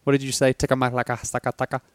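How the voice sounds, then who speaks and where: A man co-hosting a podcast who jokes around and talks in fast, playful bursts. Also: mid-range voice, monotone, clear, resonant tone, dry recording, clean studio sound. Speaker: podcast co-host. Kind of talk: casual podcast interview.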